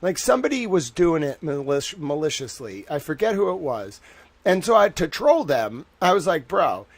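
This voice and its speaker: Animated rambling male livestream host. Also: a little high, normal speed. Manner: rambling and animated, reads chat aloud. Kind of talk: casual livestream chat.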